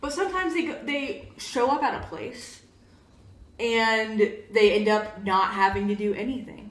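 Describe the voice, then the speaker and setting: A young woman talks casually as a co-host, animated and quick to laugh. Her voice sits a little high. The room around her is echoey. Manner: animated, laughs while explaining. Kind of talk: casual chat.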